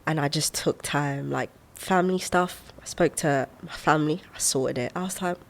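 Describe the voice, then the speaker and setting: Woman, twenties, slightly low-pitched, animated, laughs a lot, reflective podcast guest. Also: moderate pace, gravelly. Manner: expressive, animated, laughs often, quotes her own inner voice. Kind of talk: reflective conversational storytelling.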